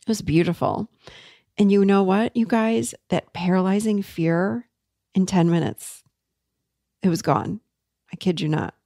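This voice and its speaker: A woman host telling a personal story in an earnest, confessional way, dropping softer when she recounts tender moments. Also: mid-range voice, unhurried, long pauses, no echo, studio quality. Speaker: podcast host and coach.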